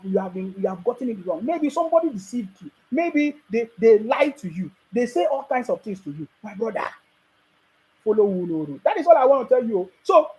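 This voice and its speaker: A woman's voice: a little high, a little mellow, poor audio. A woman with a Nigerian accent giving opinionated political commentary, mocking and combative, hammering points with repeated rhetorical questions.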